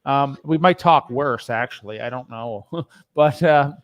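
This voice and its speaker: Canadian guy rambling on a podcast, lots of ums, middle pitch. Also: a little slow, dry recording. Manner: rambling, hesitant, trails off with fillers and laughs. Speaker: podcast co-host. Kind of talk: casual chat.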